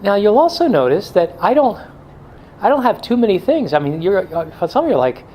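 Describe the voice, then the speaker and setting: A man's voice: high-pitched, very animated, a little fast, a little mellow, a little hiss or hum, poor audio. A middle-aged male pastor giving a blunt, joking talk to a men's group, now and then mimicking excuses in a whiny voice.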